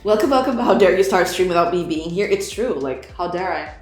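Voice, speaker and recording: A woman's voice: fairly low pitch, animated, fairly quick. Young woman streamer rambling and giggling a lot, tripping over words, roomy echo, faint music in the back. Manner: giggly, laughs often, trips over words. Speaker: game developer streamer. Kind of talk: casual livestream chat, greeting viewers.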